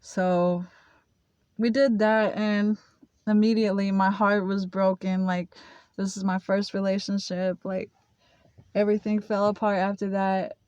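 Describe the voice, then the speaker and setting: Halting confessional young woman, flat delivery. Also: medium pitch, clean tone, no room sound, highs cut off. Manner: halting, full of fillers and restarts; confessional, emotional. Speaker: vlogger. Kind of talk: casual storytelling.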